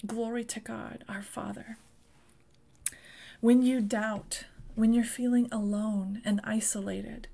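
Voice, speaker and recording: A woman's voice: on the high side, creaky, warm tone. A woman preaching a sermon, reading scripture and building into fervent, repeated exhortations. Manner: fervent, repeats phrases and rises into passionate exhortation.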